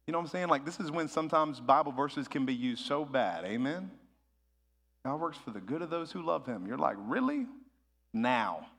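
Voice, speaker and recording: A man, a pastor, preaching a sermon in a conversational way that rises into animated bursts of emphasis. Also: a little high, a little fast, breathy edge, long reverb tail.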